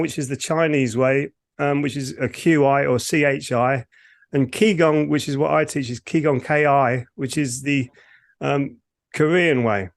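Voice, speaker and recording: A man with a gravelly, creaky voice pitched a little high, talking over a remote call. He explains his energy practice as a podcast co-host, wandering and correcting himself as he goes. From United Kingdom. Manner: rambling, self-correcting explanations. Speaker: Ki Gong teacher and co-host.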